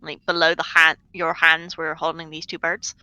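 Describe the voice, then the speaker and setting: A woman's voice: sits low, monotone, normal speed, pushed and bright, smooth, no room sound, low-quality recording. A woman narrating a tabletop game as game master, hesitant and full of fillers.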